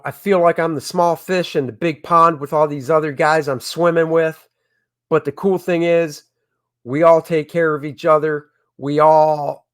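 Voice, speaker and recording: A man who makes comics, chatting excitedly with viewers on a casual crowdfunding livestream from home. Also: on the high side. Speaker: comic creator hosting a crowdfunding stream.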